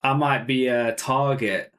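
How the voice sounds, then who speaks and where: Chatty joking reaction co-host. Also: male voice, medium pitch, steady tone, measured pace, a bit bright. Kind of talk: casual reaction commentary.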